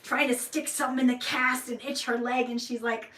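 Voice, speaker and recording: A woman hosting her vlog and telling a personal story in an animated, emotional way, acting out the people in it. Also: on the high side, a little fast, far from the mic. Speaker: vlog host. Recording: echoey room, mic set back.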